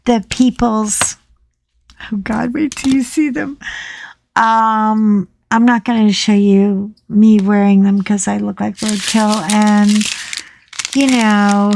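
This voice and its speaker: A woman chatting casually as she colors, telling a story with animated, exasperated swings in her voice. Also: mid-range voice, a little hiss or hum. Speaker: coloring vlogger. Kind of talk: casual chat while coloring.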